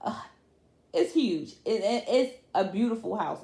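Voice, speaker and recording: Casual woman vlogger: gossipy, colloquial recap chat with plenty of fillers, mid pitch, in a roomy echo. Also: expressive, a little slow, mellow. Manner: chatty, colloquial, laughs often, many fillers.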